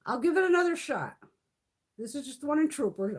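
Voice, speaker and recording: A woman's voice: high voice, very animated, a little fast. A middle-aged woman chatting casually on a live stream from home, swearing freely and cooing at her cats. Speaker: beauty vlogger.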